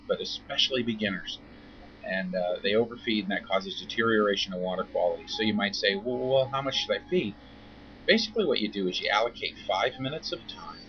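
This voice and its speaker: A man giving an informal talk as a koi veterinarian, chatty and wry, acting out mock quotes. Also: lowish voice. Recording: dull lo-fi recording with faint noise.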